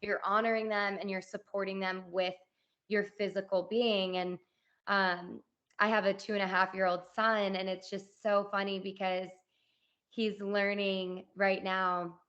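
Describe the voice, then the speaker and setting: Woman podcast host rambling casually, lots of likes and you knows, mid pitch, kinda lo-fi sound. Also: level tone, a little slow, fairly bright tone. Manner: chatty, many "like" and "you know" fillers. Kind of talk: casual interview chat.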